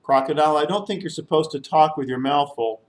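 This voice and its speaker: A man's voice: on the high side, brisk. A man telling a children's story at a church service, playful and inviting the group to join in. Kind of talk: children's story with audience call-and-response.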